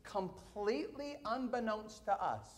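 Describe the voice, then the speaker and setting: Middle-aged pastor guy, kinda high voice, animated storytelling from the pulpit. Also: unhurried. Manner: animated storyteller, swings from hushed to excited. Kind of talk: storytelling sermon.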